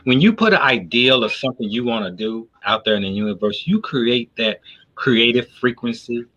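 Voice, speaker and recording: A man who runs a business, talking on a talk show in an animated, profane storytelling way. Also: medium pitch, normal speed, dull audio. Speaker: business owner. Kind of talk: casual talk show discussion.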